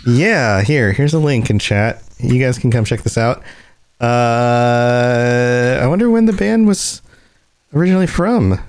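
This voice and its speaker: A man co-hosting a casual podcast, laughing often as he browses and reacts out loud. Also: medium pitch, unhurried. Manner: laughs often, animated, browses online while talking. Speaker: podcast co-host.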